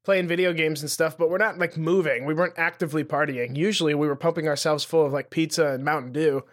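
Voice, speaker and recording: Upbeat young man, quick to laugh. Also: fairly high pitch, fairly even intonation, fairly bright tone. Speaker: comedian podcast host. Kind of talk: casual comedic chat.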